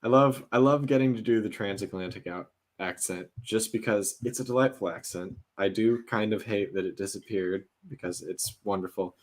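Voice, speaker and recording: A young man with a fairly low voice reads entertainment news as a podcast co-host. He speaks in a relaxed, casual way and pads his sentences with hesitant fillers. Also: normal speed, few pauses. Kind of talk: casual chat.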